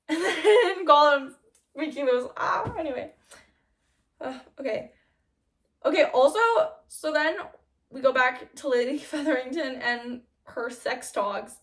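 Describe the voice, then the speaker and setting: A young woman vlogger chatting casually and gushing about a show, with lots of fillers and quick laughs. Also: high voice, a bit bright, recorded from a distance. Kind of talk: casual chat.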